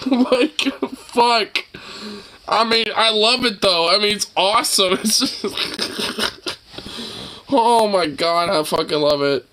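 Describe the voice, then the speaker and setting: A man's voice: high voice, slow pace, long pauses, bright, forceful tone. A young man in a casual reaction video, laughing helplessly and teary-eyed, swearing between fits of giggles.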